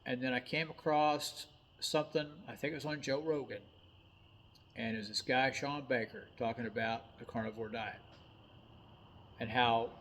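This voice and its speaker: A man's voice: medium pitch, a bit bright, a little hiss or hum. A man of about fifty, a truck driver, telling a personal story in a blunt, folksy way with some mild cursing.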